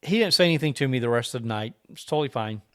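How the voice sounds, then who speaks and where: A man's voice: medium pitch, very fast. Man telling a track-day story. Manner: animated anecdote-telling, acting out quoted exchanges. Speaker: podcast co-host. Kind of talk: casual storytelling chat.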